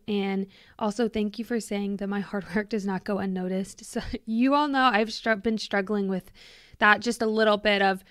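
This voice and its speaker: A woman's voice: medium pitch, smooth, no room sound. A woman in her late twenties hosting a podcast, talking in a chatty, heartfelt and reflective way into a close microphone. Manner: chatty and heartfelt, full of "like" and gushing thanks. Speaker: podcast host. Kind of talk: casual reflective podcast monologue.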